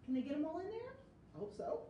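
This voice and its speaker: A woman, a children's librarian, reading a picture book aloud to kids in a lively sing-song way with sound effects. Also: very high-pitched, quick pace, recorded from a distance, muffled recording, slight background noise. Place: library story room. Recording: echoey room, voice from off-mic.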